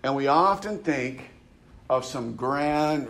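A man's voice: mid-range voice, normal speed. A male pastor preaching a sermon in a conversational way, with frequent restarts, who reads scripture aloud with rising emphasis. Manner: conversational preaching, many restarts and stammered repeats.

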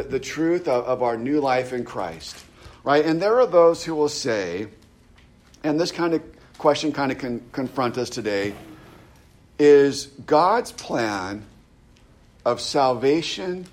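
A man teaches through a Bible passage as a pastor. His voice sits at an ordinary middle pitch, and he talks in a loose, conversational way, checking in with "right?" and circling back on his words. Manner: conversational, with frequent "right?" tags and restarts.

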